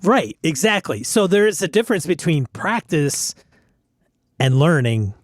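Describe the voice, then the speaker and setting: Male podcast co-host, higher register, animated delivery, quick to challenge. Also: dry recording, studio quality. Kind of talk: casual chat.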